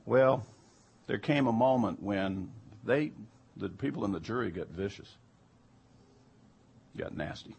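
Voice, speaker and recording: A man's voice: fairly low pitch, animated, unhurried, vocal fry, pauses often, darkish tone, slightly rough. A man telling a personal anecdote in an emphatic way that turns heated and incredulous. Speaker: storyteller recounting jury duty.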